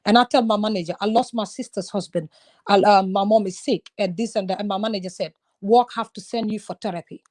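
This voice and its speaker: A woman's voice: mid-range voice, brisk, a little mellow. A woman from Gambia, talking openly and earnestly in a casual conversation about her own experiences. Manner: earnest, open, confiding. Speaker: guest sharing personal experience.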